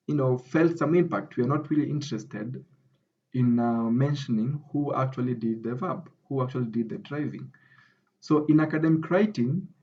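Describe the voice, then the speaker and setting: A man with a Kenyan English accent tutors academic writing, explaining grammar in a screen-recorded lesson and checking in regularly with "okay?". His medium-pitched voice is darkish, and the highs are cut off.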